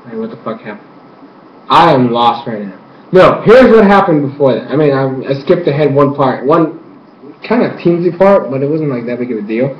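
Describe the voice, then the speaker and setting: A young man giving an excited, rambling fan recap of an episode, acting out scenes with yelps and sound effects. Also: mid-range voice, moderate pace. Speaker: fan reviewer. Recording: lo-fi echoey room, faint ambience.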